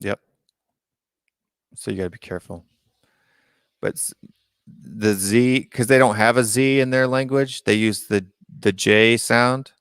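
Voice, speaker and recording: A man's voice: medium pitch, unhurried, long pauses, fairly bright tone, clean tone, no echo, studio quality. An American man hosting a casual live-stream call-in show, reading out viewer comments and musing on them aloud. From United States.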